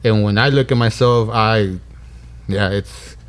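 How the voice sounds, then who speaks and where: Relaxed man, casual podcast host. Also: fairly low pitch, a little slow, clear, resonant tone. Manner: relaxed, warm, many fillers like "man" and "yeah". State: emotional. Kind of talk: casual conversation.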